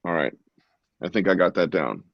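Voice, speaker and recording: A man with a deep, gravelly voice runs a casual online art class by video call, cracking jokes and keeping up playful commentary while people draw. He is expressive and speaks at normal speed. The muffled recording sounds close and dry, without room echo.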